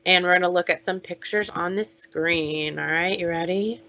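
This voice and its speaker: A woman teaching young children online, talking slowly in a sing-song way as she leads chants, songs and counting. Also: lowish voice, bright, forceful tone, lo-fi sound. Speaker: preschool teacher.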